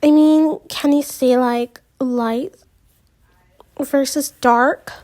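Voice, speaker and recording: A woman's voice: sits high, steady tone, very slow, a little mellow, voice pushed up. A woman voicing Suzanne, a blunt, curious teenage girl asking naive questions in a storybook reading.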